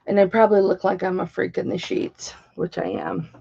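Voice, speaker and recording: A woman's voice: mid-range voice, fairly even intonation, brisk, vocal fry, dark tone, slightly rough, highs cut off. A middle-aged woman hosting a live-stream jewelry auction, chatty and bawdy, greeting viewers by name.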